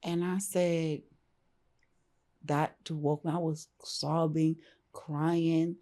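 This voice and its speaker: A woman's voice: deep voice, slow pace. Middle-aged New woman telling her story. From Brooklyn, New York. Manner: animated, acts out others' lines, slangy and informal. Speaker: guest. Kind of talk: candid personal storytelling.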